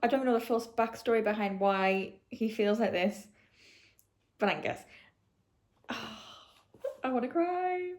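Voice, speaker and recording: Speaking at a medium pitch with a steady tone and a fairly quick pace, this young woman gushes with feeling over her current reads and leans heavily on the word "like." It's a casual reading vlog from a book vlogger, captured by her camera mic with roomy echo.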